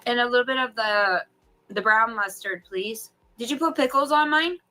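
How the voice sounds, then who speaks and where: A stressed woman talking straight to camera, her voice bright and slightly high, swearing constantly as she unloads on her audience. Her rant is blunt and heated. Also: moderate pace. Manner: swears heavily, ranting at viewers. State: stressed and angry. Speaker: vlogger filming herself. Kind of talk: profane venting vlog.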